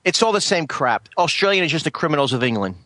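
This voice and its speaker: A man co-hosting a comedy podcast, deadpan and stubborn, talking in affected broken grammar. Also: fairly high pitch, quick pace, no room sound. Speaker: podcast co-host.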